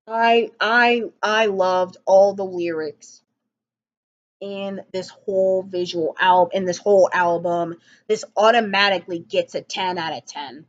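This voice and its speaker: A woman's voice: mid-range voice, unhurried, muffled recording. A woman giving a casual spoken album review, enthusiastic and rambling, with frequent ums and restarts.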